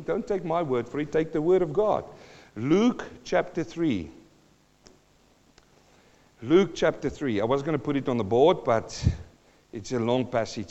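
A man preaching a sermon, emphatic with big swings in loudness and pitch and wry, teasing asides. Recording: long hall reverb, dull lo-fi sound.

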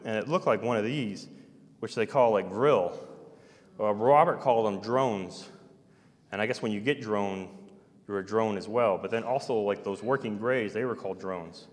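A man telling a personal story in a rambling, halting way, full of restarts and trailing-off phrases. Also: on the low side, big-room sound.

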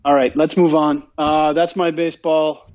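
High-voiced ranting sports podcast man. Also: little pitch movement, normal speed, a little mellow, highs cut off. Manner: ranting, repetitive, emphatic. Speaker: podcast co-host. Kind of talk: casual sports chat.

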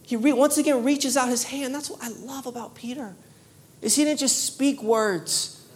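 A woman preaching a sermon, telling a story with lively animation, often repeating words and restarting. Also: sits high, normal speed. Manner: animated storytelling, laughing at herself.

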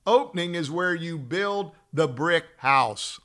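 A man, a trial lawyer, teaching courtroom skills in a folksy, animated storytelling style and restarting his sentences as he goes. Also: fairly high pitch, takes it slowly. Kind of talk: casual storytelling lesson.

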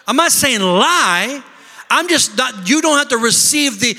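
High, bright-voiced man preaching in a hall. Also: expressive, normal speed. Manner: preaching with bursts of shouting and mimicked complaining voices. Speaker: pastor. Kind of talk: sermon. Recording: long reverb of a large hall.

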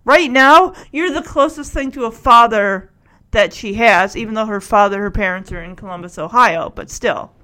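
A woman's voice: on the high side, normal speed, pushed and bright. A grown man firmly tells off his father and defends his wife, as a woman retells it in her own voice. He is stern and direct, and he lectures at length. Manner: firm, scolding. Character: firm protective adult son.

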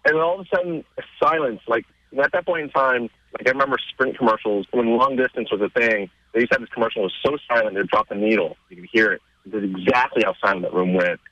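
A man being interviewed on radio, telling stories casually and getting excited, his voice jumping up in pitch as he retells scenes. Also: fast, hardly any pauses, muffled recording. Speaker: interview guest.

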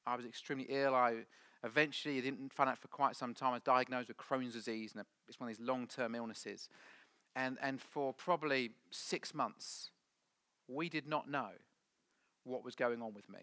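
Middle-aged male pastor, bright clear voice, preaching with big swings from loud emphasis to near-whisper. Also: medium pitch, steady tone, moderate pace, dry recording. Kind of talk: sermon.

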